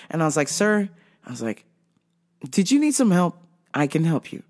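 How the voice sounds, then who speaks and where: Animated middle-aged woman telling a story. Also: sits low, a little fast. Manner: animated, acts out customer's lines; swears freely. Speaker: podcast host. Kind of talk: storytelling anecdote.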